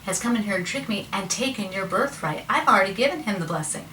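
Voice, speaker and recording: A woman's voice: medium pitch, expressive, fast talker, sharp tone. Woman doing a doubting elderly father, drawling, echoey far-off room. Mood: wary. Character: old blind father, slow and wary. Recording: roomy, distant mic, faint noise.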